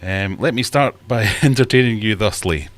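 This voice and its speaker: A man's voice: lowish voice, normal speed, no echo. A man hosting a casual livestream chat, jokey and self-mocking, a bit out of breath. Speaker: livestream host. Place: home fish room.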